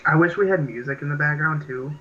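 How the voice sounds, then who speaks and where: A man's voice: a little high, fast talker, muffled recording, slight background noise. A young man co-hosting a podcast in casual chat, rambling and laughing with lots of filler words. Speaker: podcast co-host.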